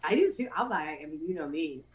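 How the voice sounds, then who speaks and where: A woman co-hosting a podcast in casual chat, bantering playfully and getting animated. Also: low voice, quick pace, rough recording. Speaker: podcast co-host.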